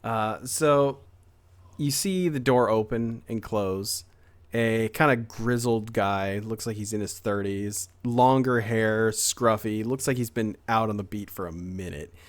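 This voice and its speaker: A man's voice: lowish voice, unhurried. A man running a tabletop game as game master, narrating the scene casually with fillers and restarts.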